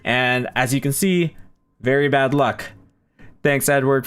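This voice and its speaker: Smooth-voiced streamer with a Filipino-Bay Area accent. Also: male voice, medium pitch, fairly even intonation, measured pace, long pauses, a bit bright. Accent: Filipino and Bay Area blend. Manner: rambling, chatty, many ums and self-corrections. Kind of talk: casual live-stream planning chat.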